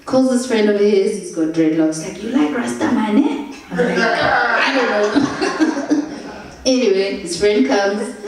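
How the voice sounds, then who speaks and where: A young woman telling travel stories in a lively, laughing way, acting out the people she meets. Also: mid-range voice. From South Africa. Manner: animated, laughs through anecdotes, acts out quotes. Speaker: storyteller. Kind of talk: casual travel storytelling. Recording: echoey room, distant mic.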